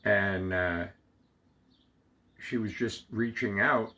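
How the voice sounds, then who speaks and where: Man, deep voice, bright edge, reflective personal monologue, hesitant and heartfelt. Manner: slow, heartfelt, halting with many fillers and restarts. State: getting emotional. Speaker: storyteller sharing a personal memory.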